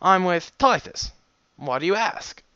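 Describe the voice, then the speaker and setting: A man voicing a friendly, earnest young male pony chef in a storybook reading, raising his pitch and talking eagerly. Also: measured pace, clean tone, no room sound, dull audio, full character voice. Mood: urgent. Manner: eager, raised pitch, lively delivery.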